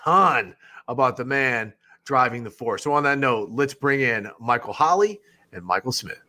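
A man's voice: mid-range voice, lively intonation, normal speed, sharp tone. A man co-hosting a sports talk show, upbeat as he brings in guests. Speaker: co-host.

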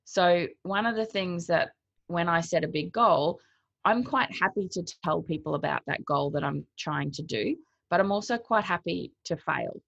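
A woman's fairly low, gravelly voice, free of echo, moves at a moderate pace as she talks about cold-water swimming in a relaxed interview. She brings the quotes to life by acting them out, laughing between thoughts, and the sound is dry and lo-fi.

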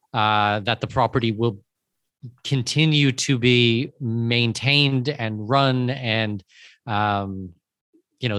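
A man's voice: mid-range voice, fairly bright tone, no room sound. A male host reads out and paraphrases viewer questions in a friendly, casual way. His voice sounds dry and close, with no room around it. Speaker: podcast host moderating questions. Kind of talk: casual webinar Q&A.

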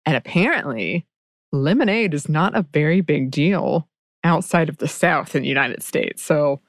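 A woman's voice: low-pitched, lively intonation, normal speed, no room sound, clean studio sound. A woman hosting a podcast in casual chat, laughing and adding lots of affirming murmurs. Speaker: podcast host.

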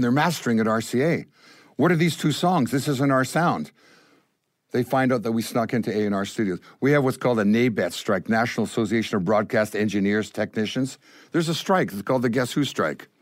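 An older Canadian man, a guest musician, telling stories in an animated way and acting out the voices of the people in them. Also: mid-range voice, fairly quick, no echo. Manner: acts out voices in his stories. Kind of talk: animated storytelling.

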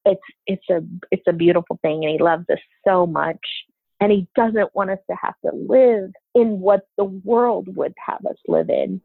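A woman's voice: mid-range voice, fairly even intonation, normal speed, vocal fry, no echo. A middle-aged woman talking earnestly and from the heart about faith, sharing her own experience as a guest. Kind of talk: faith-based conversation. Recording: tinny phone-like line, dry.

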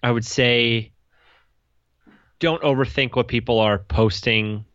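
Man, podcast co-host, chatty and animated; bright, slightly dull dry recording. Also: medium pitch, no room sound. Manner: quick, chatty, animated quoting. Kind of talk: casual chat.

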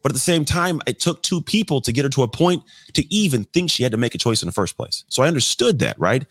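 A man's voice: medium pitch, big pitch swings, fast talker, dry recording. A man in his thirties, a podcast guest, telling his life story in a blunt, conversational way with occasional mild swearing. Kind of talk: candid storytelling interview.

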